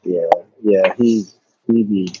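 A man co-hosting a podcast, talking in a relaxed, slangy way about family. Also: on the low side, takes it slowly, highs cut off, slight background noise. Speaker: podcast co-host. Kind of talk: casual family chat.

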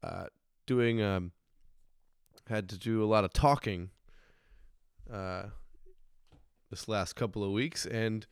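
A man in his thirties hosting a casual finance chat, hoarse from losing his voice, rambling and swearing with frequent restarts. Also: on the low side, takes it slowly, pauses often, dry recording, studio quality. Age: 30s. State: hoarse, recovering voice. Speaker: podcast host.

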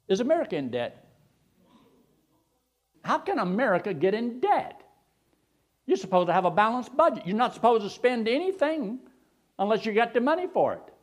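Animated preacher man. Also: extremely high pitch, normal speed, long pauses. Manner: animated, swooping preacher cadence with sudden loud rises. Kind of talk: sermon.

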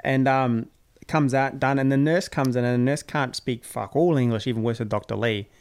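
A man's voice: mid-range voice, fairly even intonation, moderate pace, darkish tone, smooth. A man, a podcast guest, telling stories in casual chat, laid-back and swearing freely. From New Zealand.

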